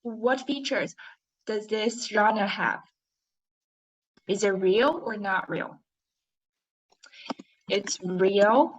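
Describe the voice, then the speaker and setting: A woman teaching an online English class, with a Chinese accent. She speaks slowly and clearly and keeps asking her pupils questions. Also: mid-range voice. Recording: dull lo-fi audio.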